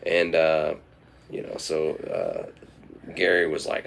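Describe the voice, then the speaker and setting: A man's voice: very deep voice, very animated, takes it slowly, vocal fry, long pauses, slight background noise. A man telling an improvised comic story in a meandering way, with lots of fillers and restarts.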